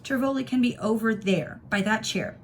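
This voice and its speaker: A kind, calm young girl speaks softly and reassuringly, as a woman reading aloud gives her voice. The tone sits a little above the reader's own. It is from a children's book read aloud. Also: on the high side, normal speed, slight background noise, natural voice. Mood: gentle. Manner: gentle, reassuring. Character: kind, calm ten-year-old girl.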